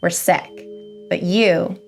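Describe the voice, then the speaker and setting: A woman doing a gruff, drawling male government agent. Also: fairly low pitch, steady tone. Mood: commanding. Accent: American Western drawl. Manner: slow, blunt and commanding.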